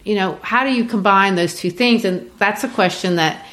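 A woman discussing a classic play in a relaxed lesson, explaining with thoughtful pauses and fillers. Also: mid-range voice. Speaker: literature teacher. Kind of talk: discussing and reading a play aloud.

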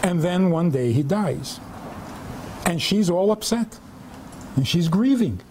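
A man's voice: high voice, expressive, slow, darkish tone, a little hiss or hum. A man, a rabbi, giving a humorous lecture to a live audience, telling stories and asking rhetorical questions.

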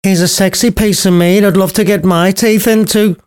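A man voicing a crude, loud-mouthed female nurse in a comic storybook retelling. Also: sits high, fairly even intonation, moderate pace, pitched above the performer's own voice, natural voice. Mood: brash. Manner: crude, brash.

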